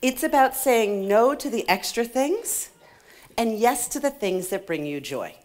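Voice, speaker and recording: Middle-aged woman conference speaker, lively swooping voice, playful and laughing, talks to the crowd. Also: on the high side, measured pace. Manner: animated, laughs often, playful asides to the audience. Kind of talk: motivational talk to a live audience. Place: conference hall stage.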